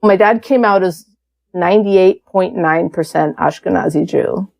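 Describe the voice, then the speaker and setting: A woman's voice: lowish voice, a little slow, vocal fry, darkish tone. A woman around fifty, a podcast guest, telling a personal story in a frank, casual way, with swearing and acted-out quotes.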